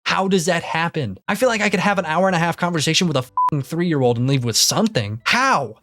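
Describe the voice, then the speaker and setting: A YouTuber, a young man, rants casually to the camera, exasperated and swearing freely, repeating himself as he gets more worked up. His voice is on the high side and fairly bright, with lively intonation and a slightly fast pace. A little hiss or hum sits under the recording.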